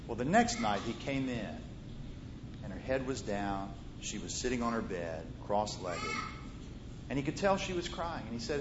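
A man preaching a sermon, moving between loud, emphatic lines and soft, hushed storytelling. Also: very animated, normal speed. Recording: roomy muffled hall recording, faint rumble.

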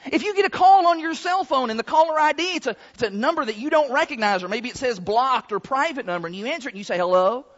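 Very high-voiced preacher in an echoing hall. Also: male voice, animated, fairly bright tone. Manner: emphatic, drawn-out stresses on key words. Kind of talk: sermon. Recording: long hall reverb, dull lo-fi sound.

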